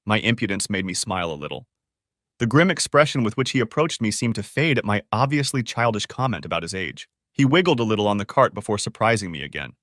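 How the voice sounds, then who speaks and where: A man's voice: lowish voice, expressive, a little fast, fairly bright tone, dry recording, clean studio sound. A man narrating a first-person story in a scripted storytelling style.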